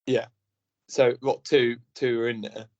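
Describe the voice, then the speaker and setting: A man's voice: mid-range voice, flat delivery, measured pace, a little mellow, dull audio. A man co-hosting a casual football podcast over a call, laughing often and joking around. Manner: laughs often, does silly impressions. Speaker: podcast co-host.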